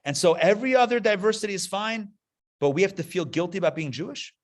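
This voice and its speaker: Speaking fast in a voice that sits high, a male rabbi delivers a passionate lecture to a live classroom audience. He's emphatic and keeps repeating key phrases to drive his points home.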